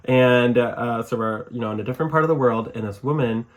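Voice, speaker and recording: A man's voice: mid-range voice, a little fast. A man with a Michigan accent hosting a live podcast, talking casually in a rambling way and laughing often. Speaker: podcast host. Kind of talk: casual live-show chat.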